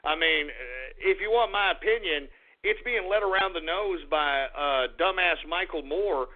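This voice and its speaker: A man runs a call-in radio show, combative and quick to curse as he rants at prank callers and talks with listeners. His voice sits high for a man. The sound is thin and tinny, as if coming through a phone line. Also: expressive. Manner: combative, profane, ranting.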